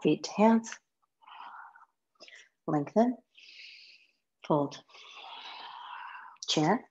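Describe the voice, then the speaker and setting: Woman yoga teacher, slow spare cues, slightly low voice, practicing along; muffled lo-fi home recording. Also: a little hiss or hum. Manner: calm, sparse one-word cues, some soft whispered counts. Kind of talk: guided yoga class cues.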